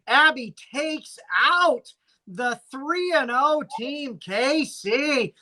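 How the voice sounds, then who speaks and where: A man's voice: extremely high pitch, drawn-out words, bright, forceful tone. A man co-hosting a casual fantasy sports podcast, recapping matchups in a dry, teasing announcer manner. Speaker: podcast co-host.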